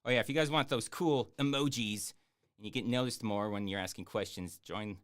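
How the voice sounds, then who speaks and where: A man chatting casually on a live stream, answering viewer questions in a rambling, jokey way with lots of fillers and deadpan boasts. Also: lowish voice, fairly quick. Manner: hesitant with many fillers. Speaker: YouTube streamer answering chat.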